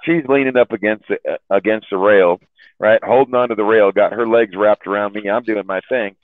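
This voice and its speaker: A man's voice: lowish voice, steady tone, brisk, dry recording. A man casually telling long rambling stories to a chat room, stumbling over and repeating his words and laughing often. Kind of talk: casual storytelling. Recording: tinny phone-like line, dry.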